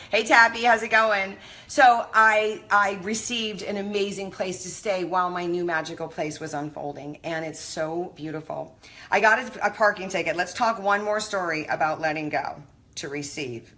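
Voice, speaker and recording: A middle-aged woman giving a casual motivational talk on a live stream, animated and effusive, greeting her viewers by name. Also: fairly low pitch.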